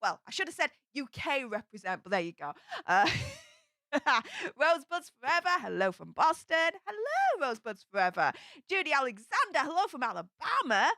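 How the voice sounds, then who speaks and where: A woman's voice: high-pitched, wildly swooping pitch, moderate pace, bright, forceful tone, no room sound. A woman hosting a livestream from a home studio, chatting and greeting viewers one by one in a bubbly way. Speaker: livestream host. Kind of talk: casual livestream chat.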